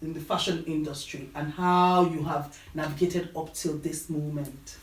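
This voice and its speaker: A woman with a Nigerian accent hosting a casual interview, chatty and quick to laugh. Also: low-pitched, steady tone. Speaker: host. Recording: roomy and distant.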